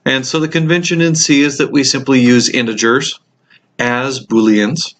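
A man teaching a programming course over a screen recording, explaining code in a relaxed way with frequent ums and uhs, while he has the hiccups. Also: mid-range voice, moderate pace. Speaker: computer science instructor. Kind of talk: screencast code walkthrough lecture.

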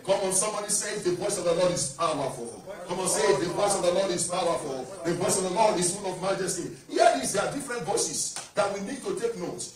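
High-voiced preacher in an echoing church. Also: male voice, expressive, fast, few pauses, crowd noise. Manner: declamatory preaching with call-and-response. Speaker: pastor. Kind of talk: sermon. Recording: echoey church hall from far off.

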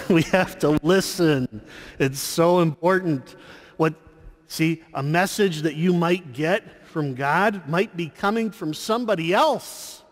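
Priest guy giving a sermon, talks real slow, lots of uh's and restarts, big church echo. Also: on the high side. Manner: slow storytelling homily with fillers and restarts. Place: large church. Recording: church with long reverb.

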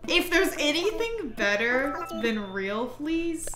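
A woman's voice: fairly high pitch, sing-song, slow, few pauses. A woman streaming a game, chatting casually and giggling often, sounding tired and yawning. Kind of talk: casual chat while playing a game. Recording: roomy echo with soft music.

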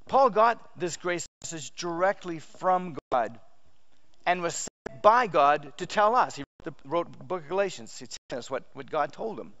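A male pastor preaching a sermon, telling the story with lively emphasis and frequent restarts. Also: fairly high pitch, highs cut off.

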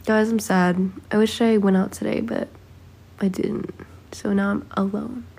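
Young woman streamer, chatty and relaxed, reads comments aloud, talks slowly from her phone. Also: mid-range voice, vocal fry, slightly rough. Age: 20s. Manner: chatty, reads viewer comments aloud, sings snatches of a song. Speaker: live streamer. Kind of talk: casual live stream chat. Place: home indoors.

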